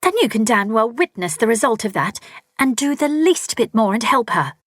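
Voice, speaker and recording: A woman voicing a sharp, plain-spoken young woman who barks orders in a storybook reading. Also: a little high, sing-song, moderate pace, no echo, studio quality, pitched above the performer's own voice. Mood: snappish. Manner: sharp, commanding.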